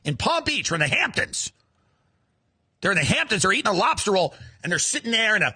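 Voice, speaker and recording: A man's voice: sits high, big pitch swings, a little fast, bright, forceful tone, slightly rough, no room sound. A man delivering a sarcastic, profane comedic rant full of heated rhetorical questions.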